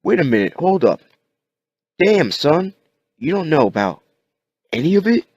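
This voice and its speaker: A man's voice: a little high, big pitch swings, measured pace, a little mellow, husky, no echo, lo-fi sound, voice pushed up, heavily acted. A man doing a drawling, wary survivor father. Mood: explaining. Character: folksy wary father, survivor sheltering with son.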